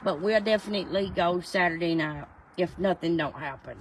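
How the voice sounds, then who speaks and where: A woman with a fairly low voice hosts a casual livestream at a moderate pace, reading viewer comments and answering people by name in a folksy manner. Slight background noise is present.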